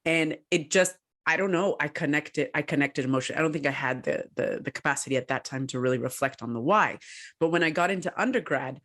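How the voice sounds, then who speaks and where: A woman co-hosting a podcast who tells her story in a casual way, animated and laughing often. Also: low voice, quick pace. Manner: animated, laughs often, acts out quoted voices. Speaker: podcast co-host and researcher.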